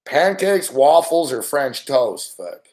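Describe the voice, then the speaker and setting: A man's voice: mid-range voice, very animated, slow, darkish tone. A man hosting a late-night sports talk stream, ranting in a rambling, profane way and reading out chat between laughs. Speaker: sports talk show host.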